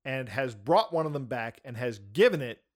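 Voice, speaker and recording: A man telling a funny story in casual chat, animated and acting out the shouts in it. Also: medium pitch, moderate pace. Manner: animated, acts out shouts and voices in his story. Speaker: storyteller on a talk show.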